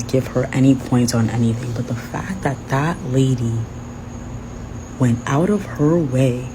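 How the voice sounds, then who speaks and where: A speaker giving blunt, emphatic opinions in a casual video, swearing freely. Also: medium pitch. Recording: noisy background.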